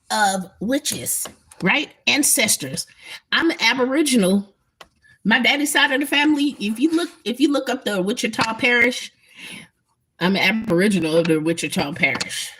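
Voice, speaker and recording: A woman's voice: medium pitch, a bit bright, a little hiss or hum. A woman talking emphatically and bluntly to her viewers in a casual spiritual livestream, swearing freely. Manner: emphatic, profane, talks straight to viewers.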